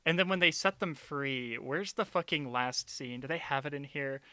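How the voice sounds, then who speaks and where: A man's voice: on the high side, normal speed, clear, resonant tone, no room sound. A young man on a stream, ranting about a film in casual chat, sarcastic and swearing often. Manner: animated, sarcastic, swears a lot. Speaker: streamer, co-host.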